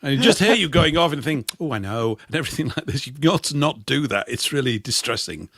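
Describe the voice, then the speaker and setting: A man's voice: medium pitch, expressive, a little fast, a bit bright, no echo, clean studio sound. A man in casual chat, giving opinions and teasing his co-host.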